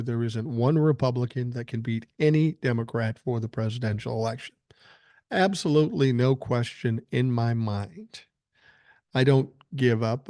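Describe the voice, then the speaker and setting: A man's voice: medium pitch, darkish tone, no room sound, studio quality. An older man hosting a podcast, reading listener emails aloud and answering them bluntly with plenty of swearing, still getting over a cold. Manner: blunt, profane, opinionated. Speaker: podcast host.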